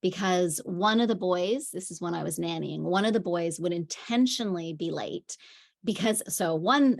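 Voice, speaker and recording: A woman parenting coach giving a conversational teaching talk, telling stories with frequent fillers. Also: mid-range voice. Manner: chatty storytelling with frequent fillers.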